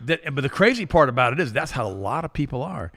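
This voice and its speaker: An older man co-hosting a talk show tells stories with a quick, animated delivery. His voice is gravelly and bright. His pitch swings widely as he acts out the people he quotes. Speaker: co-host. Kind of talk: casual storytelling chat.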